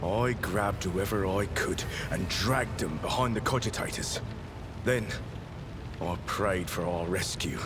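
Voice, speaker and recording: A man's voice: low voice, unhurried. An actor voicing a pale, white-haired old ship's helmsman, anxious and pious, with an overdone put-on British accent that stresses each word. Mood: shaken. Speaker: video game voice actor. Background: game music.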